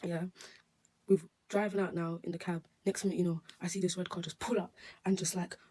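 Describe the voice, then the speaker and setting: A woman with a slightly low, husky voice tells a story on her vlog. She rambles and restarts often, and her retelling is heavy with emotion. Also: flat delivery, a little fast, dark tone. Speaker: nail technician. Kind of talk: storytime vlog recounting an incident.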